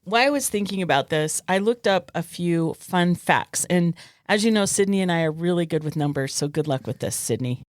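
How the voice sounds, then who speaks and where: A woman's voice: lowish voice, expressive, brisk, dry recording, studio quality. A woman co-hosting a podcast in casual chat with an Arizona accent, earnestly steering the talk back to her topic. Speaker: podcast co-host.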